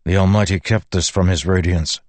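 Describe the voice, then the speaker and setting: A man's voice: low-pitched, fairly even intonation, moderate pace, a little mellow, dry recording, close to an everyday voice. A man voicing a troubled older warlord king, speaking earnestly and pressingly.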